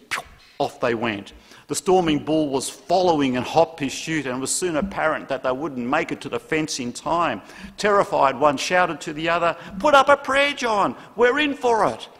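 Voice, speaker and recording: Measured preaching man in a church. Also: medium pitch, in a large hall. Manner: earnest, measured preaching with emphatic pauses. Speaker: pastor. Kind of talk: sermon.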